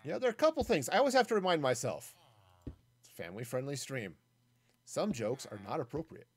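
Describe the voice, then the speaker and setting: A man's voice: fairly high pitch, big pitch swings, a little fast, husky, soft background music. A man streaming a game solo, giving casual, rambling commentary as he builds, thinking aloud with self-mocking jokes and asides.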